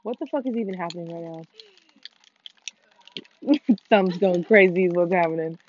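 A woman's voice: fairly low pitch, normal speed. A woman co-hosting a casual podcast while playing a video game, swearing freely and apologizing often. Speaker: podcast co-host. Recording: dull, lo-fi and dry.

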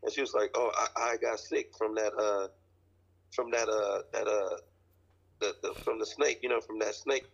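A man's voice: on the low side, fairly even intonation, normal speed, vocal fry. A man telling a rambling family story in casual chat, joking and laughing as he goes. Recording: dull lo-fi sound.

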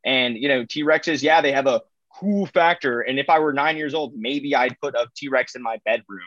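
A man's voice: medium pitch, moderate pace, a bit bright, no echo, dull audio. A man in a comedic mock debate on a podcast, teasing and mocking his opponent's argument. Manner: teasing, mocking, laughs often.

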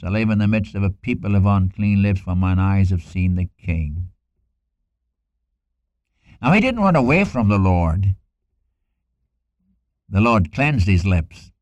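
Here a fairly low-pitched man delivers a sermon earnestly, reciting scripture dramatically and restating lines to give them weight. There's no room sound, and the audio is dry, dull and lo-fi.

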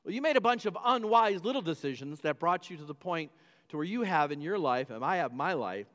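Emphatic preacher in a reverberant hall. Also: male voice, on the high side, animated, a little fast, fairly bright tone. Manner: emphatic, repetitive preaching with stumbles and restarts. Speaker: pastor. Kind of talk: sermon.

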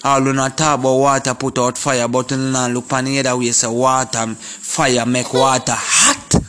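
Forceful Jamaican man preaching. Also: mid-range voice, level tone, moderate pace. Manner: preachy, repetitive, speaking in Jamaican patois; forceful and confrontational. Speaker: vlogger. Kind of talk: impassioned monologue to camera.

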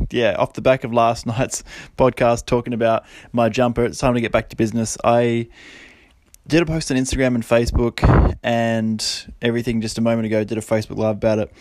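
A man's voice: mid-range voice, little pitch movement, fairly quick, a little mellow, no echo. A man in his thirties hosting his own podcast, talking casually and rambling, self-deprecating and motivational, laughing often. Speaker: podcast host. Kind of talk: casual solo podcast monologue.

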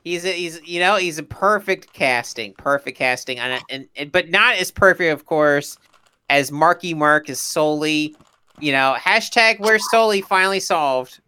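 A young man co-hosting a casual podcast, talking in a halting, self-interrupting way. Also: fairly high pitch, pushed and bright, clear, resonant tone. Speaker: podcast co-host. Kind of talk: casual chat.

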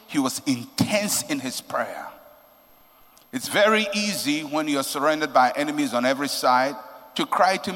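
Passionate preacher in an echoing hall. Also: male voice, on the high side. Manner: passionate, swings from soaring to hushed. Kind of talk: sermon. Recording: long reverb of a large hall.

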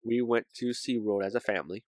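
A man's voice: lowish voice, a little fast, darkish tone, no echo. A young man co-hosting a podcast, telling a story in a casual, rambling way with many fillers. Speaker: podcast co-host.

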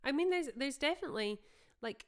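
A woman's voice: high voice, lively intonation, fairly quick. A young Scottish woman hosting a podcast, chatting and telling stories casually with a Scottish accent. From Scotland. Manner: chatty, storytelling, frequent fillers. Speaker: podcast host and singer-songwriter. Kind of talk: casual reminiscing chat.

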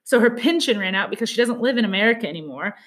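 A woman co-hosting a casual podcast, gossiping about a reality show. Her talk is chatty and quick, and she keeps slipping into short quotes of what people said. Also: a little high, animated, fairly bright tone. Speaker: podcast co-host. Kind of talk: casual chat.

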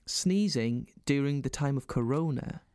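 A man's voice: medium pitch, a little slow, darkish tone, clear, resonant tone, no echo, clean studio sound. A man in his forties co-hosting a podcast, telling stories in casual chat and acting out voices in his anecdotes. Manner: chatty storyteller, acts out voices in anecdotes. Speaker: podcast co-host.

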